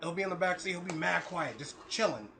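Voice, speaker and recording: A man's voice: sits high, fast talker, background noise. A young man in casual podcast chat, telling stories with a lot of swearing and acting out what people said. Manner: animated, profane, acts out quotes. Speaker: podcast co-host.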